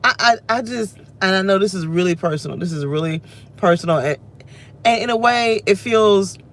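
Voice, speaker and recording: A woman's voice: medium pitch, normal speed. A woman in her thirties venting and reflecting aloud while sitting in a car, in a rambling, self-reflective way. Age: 30s. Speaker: vlogger. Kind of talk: emotional personal rant to camera.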